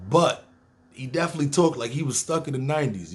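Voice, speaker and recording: A man's voice: mid-range voice, expressive, quick pace. New york guy spinning a street story, cussing, doing everybody's voices. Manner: profane, streetwise, acts out other people's voices. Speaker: storyteller, podcast host. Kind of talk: casual storytelling monologue.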